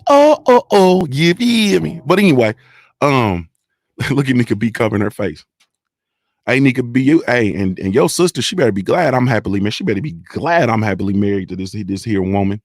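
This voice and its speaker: A man's voice: medium pitch, dry recording, studio quality. A young adult man hosting a casual livestream, talking emphatically and repeating himself, often checking that viewers understand. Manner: emphatic, repetitive, profane, keeps asking "you understand". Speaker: livestream host reading chat.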